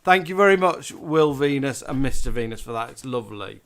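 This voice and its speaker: A man's voice: mid-range voice, animated, brisk, a bit bright. A man hosting a casual live stream, chatty and giggly as he reads out thank-yous. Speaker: host.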